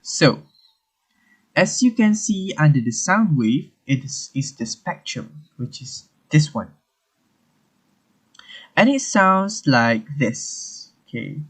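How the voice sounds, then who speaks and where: Young male student walking through a tutorial, unhurried and halting, slightly husky. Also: fairly high pitch, big pitch swings, a bit bright. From Malaysia. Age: young adult. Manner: unhurried, halting, talks through on-screen steps. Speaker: student presenter. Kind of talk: screen-recorded software tutorial.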